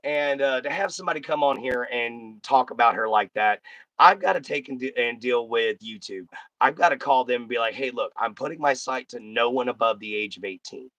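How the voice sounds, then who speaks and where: A man's voice: medium pitch, fairly quick, fairly bright tone, no room sound, lo-fi sound. A man hosting a casual live stream, talking bluntly and folksily straight to his chat.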